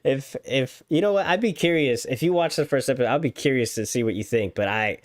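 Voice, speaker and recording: A man's voice: medium pitch, a little fast. A man co-hosting a live podcast, ranting in casual chat with many stammered restarts and exaggerated quoted voices. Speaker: podcast co-host.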